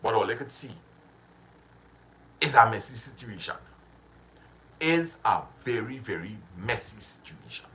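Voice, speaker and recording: A man's voice: lowish voice, measured pace, long pauses, slight background noise. A man hosting a casual motivational live stream. He repeats himself and breaks off to greet his viewers. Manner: animated, repetitive, drifts into greeting viewers.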